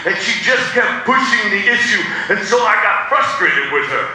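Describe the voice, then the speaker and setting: Speaking at normal speed in a voice that sits high, a man pastor narrates a personal story in his sermon, performing each character's voice with animation. The sound is echoey, picked up from afar in the sanctuary, with a little faint noise.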